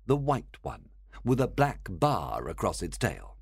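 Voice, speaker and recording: A man voicing a calm, clever male detective who explains things precisely, in a storybook reading. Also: lowish voice, gravelly, slightly rough, no echo, studio quality, full character voice. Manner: measured, explaining.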